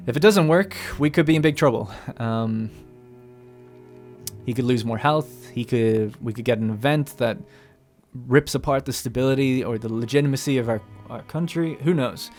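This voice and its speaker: Guy doing casual let's play commentary, chatty, thinking out loud, faint music behind. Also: medium pitch. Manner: chatty, thinking aloud, swears and laughs now and then.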